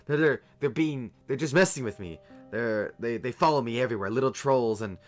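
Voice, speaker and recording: A man putting on a twitchy, paranoid emo guy who drags his words out in a low mutter and then turns loud and jittery. There is soft music in the background. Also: a little fast, lightly acted. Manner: mumbling, then yelling accusations.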